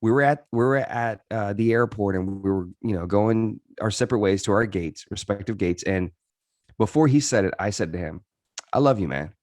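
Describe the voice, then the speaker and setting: Speaking at a moderate pace with a fairly low, darkish voice, a man in his thirties shares his life story as a podcast guest. He is earnest and reflective, restarting often, and the studio-quality audio has no room sound.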